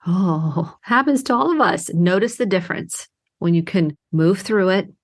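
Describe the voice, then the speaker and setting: A woman's voice: fairly low pitch, moderate pace. A middle-aged woman therapist hosting her own podcast, talking alone in an earnest, heartfelt way with emphatic bursts. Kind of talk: reflective solo podcast monologue.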